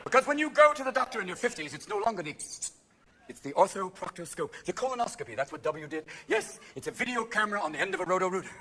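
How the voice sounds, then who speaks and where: A manic male stand-up comic in his fifties, his voice pitched very high as he jumps from one character voice to the next and erupts into sudden shouts. It is a live theater recording, with a steady wash of audience noise underneath. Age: 50s. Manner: manic, rapid switching between voices and characters; frequent shouting bursts. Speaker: stand-up comedian. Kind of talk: stand-up comedy set. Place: theater stage before a laughing audience.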